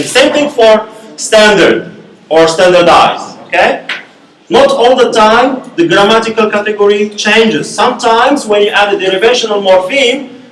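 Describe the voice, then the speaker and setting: A man's voice: high voice, a bit bright, slight background noise. A male university lecturer teaching a class, repeating key words and checking in with "okay?" often. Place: echoey classroom. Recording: echoey room from far off.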